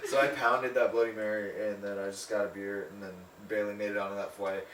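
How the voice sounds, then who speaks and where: Brief: easygoing male podcast co-host, mid-pitched, chatty rambler, heard from across an echoey room with faint hiss. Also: level tone, fast talker, a bit bright. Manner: rambling, laughing, full of fillers. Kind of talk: casual storytelling chat. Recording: echoey room, far mic, faint noise.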